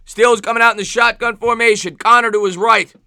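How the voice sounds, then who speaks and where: A man with a New York accent streaming live play-by-play football commentary, excitable, with rhyming calls and thanks to chat viewers. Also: very high-pitched, fast talker, gravelly, clean tone, no echo, clean studio sound. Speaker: sports streamer.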